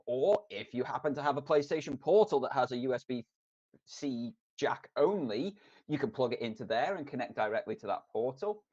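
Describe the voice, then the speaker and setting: Lively man on a dull lo-fi line. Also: medium pitch, moderate pace. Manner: lively, joking, explains things in detail. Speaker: podcast co-host. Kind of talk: casual gaming podcast chat.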